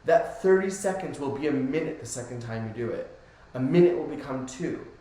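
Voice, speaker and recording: A man's voice: medium pitch, lively intonation, brisk, mellow. A man, a spiritual coach, chatting casually on a podcast in an easygoing way that keeps checking in with the listener. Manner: easygoing, keeps asking "right?". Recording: very echoey room.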